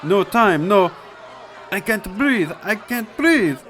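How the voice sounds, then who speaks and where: A man voicing a frantic, dramatic young man in a panic, loud and half laughing. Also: high voice, expressive, takes it slowly, some chatter behind, a little hiss or hum, pitched above the performer's own voice, full character voice. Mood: panicked.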